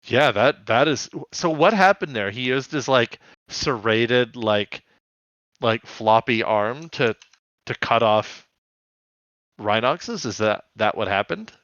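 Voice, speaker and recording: A man's voice: mid-range voice, expressive, slow, fairly bright tone, dry recording, dull audio. A man co-hosting a podcast, chatting casually and profanely and laughing often. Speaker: podcast co-host. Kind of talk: casual chat about a cartoon episode.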